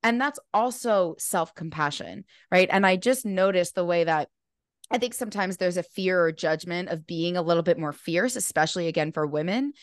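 A woman talks as a guest on a podcast, explaining ideas earnestly and with lively energy. Her voice sits on the low side and is full of casual filler words. The sound is dry with little room tone. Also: normal speed, no room sound. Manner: earnest and animated, many "like" fillers. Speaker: podcast guest, mindfulness instructor. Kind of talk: casual conversational interview.

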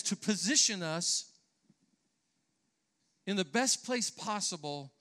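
A man's voice: high-pitched, expressive, takes it slowly, pauses often, sharp tone. A man preaching a sermon in church, earnest and emphatic, sometimes restarting his phrases. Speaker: pastor.

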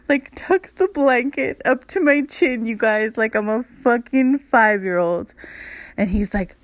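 A woman's voice: mid-range voice, no echo. A woman hosts her podcast and tells a personal story in a loose, candid way, speaking straight to her listeners. Her voice sits in a middle register. The recording is dry, with no room sound. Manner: candid, chatty, addresses listeners as "you guys"; frequent "like" fillers. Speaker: podcast host. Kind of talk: casual storytelling monologue.

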